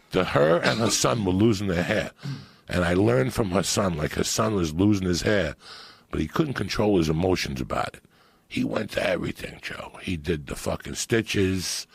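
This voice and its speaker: A middle-aged man telling loud, profane, laughing stories as a podcast guest. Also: low voice, animated, normal speed, gravelly, husky, no room sound. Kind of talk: profane storytelling chat.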